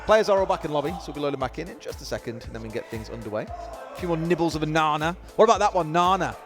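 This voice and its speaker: A man's voice: on the high side, music in the background. A British man co-casting an esports match, joking and chatting with his partner between rounds. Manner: lively, jokey and quick-talking. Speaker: esports caster. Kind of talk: casual co-caster banter.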